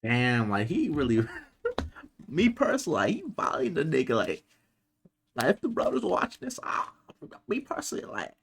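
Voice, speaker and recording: A man's voice: a little high, huge pitch swings, moderate pace, gravelly, slight background noise. A young man chatting casually, reacting with slang and giving loose boxing tips. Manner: laid-back slang, reacts and jokes. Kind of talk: casual chat.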